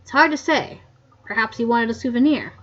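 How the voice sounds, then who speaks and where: A woman reading the lines of a grumpy old male coroner, loud and gruff, on a muffled lo-fi mic. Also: a little high, a little fast, lightly acted. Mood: grumbling.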